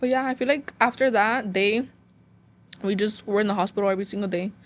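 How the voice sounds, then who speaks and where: A woman's voice: medium pitch, a little fast. A young woman from Phoenix, a guest sharing a painful personal story in a rambling, emotional way, full of "like" fillers. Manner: emotional, close to tears.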